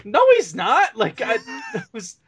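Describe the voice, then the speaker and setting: A man's voice: very high voice, wildly swooping pitch, measured pace, a bit bright. A man co-hosting a podcast, ranting about a bad movie in casual banter, swearing and laughing. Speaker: podcast co-host.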